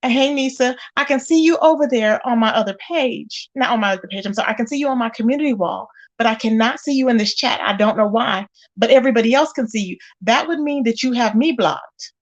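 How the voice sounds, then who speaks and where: Woman host for a casual gossip livestream, a little high-voiced, talkative, talks right to the chat. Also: quick pace, dull audio. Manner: chatty, addresses viewers directly, exclaims often. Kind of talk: casual live-chat commentary.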